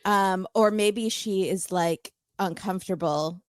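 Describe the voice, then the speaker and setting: A woman's voice: mid-range voice, takes it slowly, clear, resonant tone, dry recording, studio quality. A woman guest on a podcast chatting casually, thinking aloud with tentative, hedging takes. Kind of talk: casual chat.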